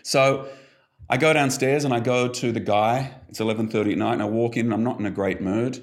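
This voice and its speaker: A middle-aged man, a behavior coach talking as a podcast guest, who explains his ideas with animated, emphatic stories. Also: mid-range voice, fairly quick. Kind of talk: podcast conversation.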